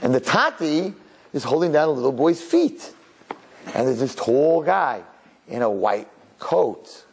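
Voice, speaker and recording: A man preaching a sermon as a rabbi, telling stories in an animated way. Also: fairly high pitch, a little slow, a little hiss or hum. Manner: animated storyteller who acts out his characters.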